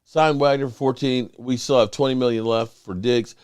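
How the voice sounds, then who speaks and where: A man hosting a sports podcast in casual talk, emphatic and animated, often restarting his sentences. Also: medium pitch, normal speed, clean tone, no echo, clean studio sound.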